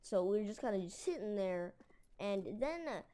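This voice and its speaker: A woman's voice: mid-range voice, animated, normal speed, warm tone. A woman telling a story casually, rambling with lots of fillers and mild slang. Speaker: storytelling video creator.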